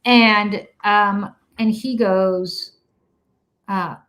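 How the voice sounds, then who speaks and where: A middle-aged woman co-hosting a talk show, telling an animated story with laughs and some swearing. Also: mid-range voice, drawn-out words. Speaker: podcast co-host. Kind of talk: casual chat.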